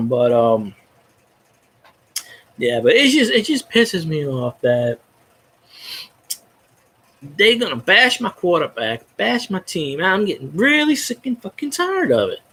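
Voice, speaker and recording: A man's voice: medium pitch, fairly bright tone, slightly rough. A man hosting his own fan video, ranting casually and cursing freely about how his team gets treated. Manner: profane, fired-up ranting.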